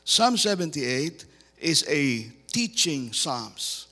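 Slow, deliberate male preacher in a hall. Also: a little high, sing-song, bright, forceful tone. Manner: deliberate with repeated emphatic questions. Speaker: guest preacher. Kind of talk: sermon. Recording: long hall reverb.

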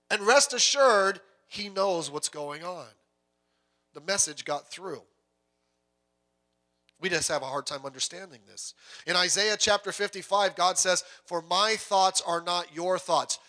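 A male pastor preaching a sermon in an animated way, acting out the voices of the people in his story and dropping to a soft voice for emphasis. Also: high-pitched.

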